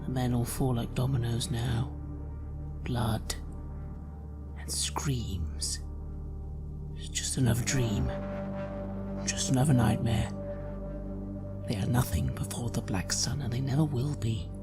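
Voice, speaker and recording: Brief: man, whispered role-play, very slow and menacing, gravelly fry, music underneath. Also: medium pitch. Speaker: player.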